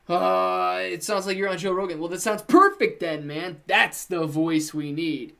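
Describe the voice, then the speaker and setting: A man's voice: high voice, unhurried, gravelly, hardly any pauses, a bit bright. A man hosting a live stream, chatting casually with viewers, reading out their comments and answering in a laid-back, slangy way. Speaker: livestream host.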